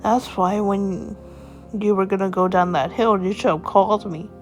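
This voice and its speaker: A woman playing a devoted, protective father who soothes his hurt daughter with gentle reassurances. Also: mid-range voice, steady tone, moderate pace, faint music behind, lightly acted. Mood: gentle scolding.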